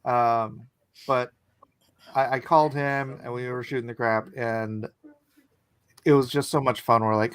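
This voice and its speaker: A man's voice: mid-range voice, steady tone, measured pace, pauses often, clean tone, no room sound. A man hosting a casual online chat while drawing, rambling and jokey. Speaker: host.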